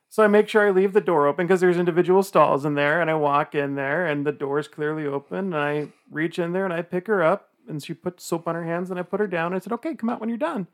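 A man in his thirties recounting an anecdote on a podcast, voice slightly high. He tells it casually and brings it to life by acting out each quote. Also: fast, few pauses. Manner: animated storyteller, acts out quotes. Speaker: podcast host. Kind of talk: casual storytelling.

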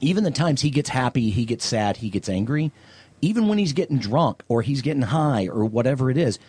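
Man from the South, blunt opinionated podcast co-host, husky, dry sound. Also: medium pitch, lively intonation, a little fast, a little mellow, no echo. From American South. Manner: opinionated, blunt, frequent ums and restarts. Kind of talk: casual movie-review chat.

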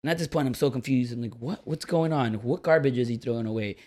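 A man telling a long, rambling story to friends on a podcast, animated and laughing as he goes. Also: mid-range voice, quick pace, hardly any pauses. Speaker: podcast co-host. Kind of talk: casual storytelling among friends.

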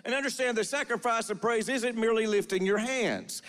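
A man's voice: very high voice, a little fast, a bit bright, big-room sound. A man preaching a sermon in a church, delivering prophetic declarations and calling on the congregation to respond, often starting phrases with "uh". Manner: repeats phrases with filler "uh", calls for congregation response. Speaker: pastor. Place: church sanctuary.

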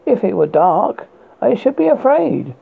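A man's voice: very high-pitched, very animated, a little slow, gravelly, slightly rough, pitched above the performer's own voice, exaggerated voice. A man voicing a nervous young British noblewoman. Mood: frightened. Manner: timid, nervous. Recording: tinny phone-like audio.

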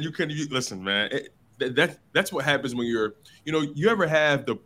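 A man co-hosting a sports talk show, animated and repeating words as he builds his points. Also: fairly high pitch, brisk. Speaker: fill-in sports radio co-host.

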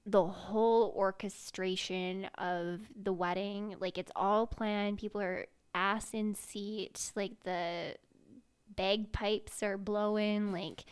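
Woman podcast co-host, casual and playful, quick with a joke. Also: medium pitch, clear, resonant tone. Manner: playful, jokey, quick asides. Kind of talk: casual chat.

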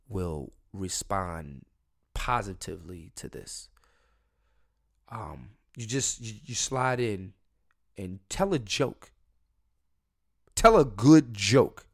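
A man's voice: low-pitched, expressive, slow, long pauses. A young man hosting a solo podcast, talking in a crude, rambling, jokey way with lots of swearing and restarts. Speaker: podcast host.

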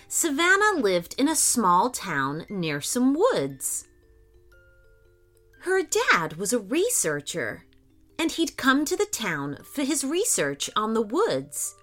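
A woman telling a children's story in slow, expressive storybook narration. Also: medium pitch. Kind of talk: scripted narration.

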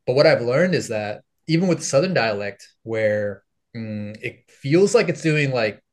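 A man's voice: medium pitch, lively intonation, a little slow. A young adult man from the United States, a podcast guest chatting casually, with lots of fillers and frequent laughter. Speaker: podcast guest, content creator. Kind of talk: casual interview conversation.

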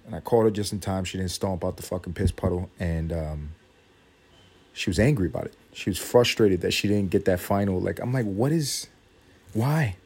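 Husky new guy on his podcast, low voice, cussing and ranting about his kid. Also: brisk. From New York. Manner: profane, animated, exasperated. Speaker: podcast host. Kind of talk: casual storytelling monologue.

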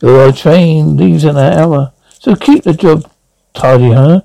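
An actor playing a gruff male handler who briefs an assassin in a matter-of-fact way, in a TV drama. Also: a little high, takes it slowly, dark tone, no echo, poor audio. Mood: businesslike. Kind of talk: TV drama acting.

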